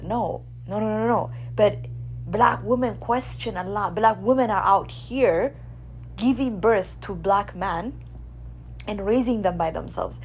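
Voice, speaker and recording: A woman from Ethiopia, hosting a radio show in a blunt, animated monologue. She swears freely and keeps asking her listeners "right?". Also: medium pitch, a little hiss or hum. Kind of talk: casual opinion monologue.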